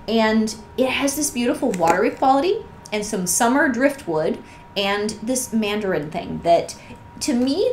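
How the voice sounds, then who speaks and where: A woman gushes in a casual, conversational vlog, her voice strained and hoarse as it gives out. She talks at a middling pitch. The room sounds echoey, with a faint hiss of background noise. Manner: enthusiastic, gushing, conversational. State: losing her voice. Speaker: vlogger reviewing wax melts. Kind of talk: casual show-and-tell chat.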